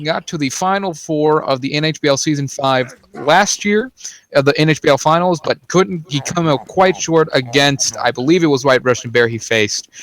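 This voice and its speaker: A man's voice: fairly high pitch, a bit bright. Joking male play-by-play caster. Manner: joking, rambling asides. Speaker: esports commentator. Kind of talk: casual play-by-play commentary.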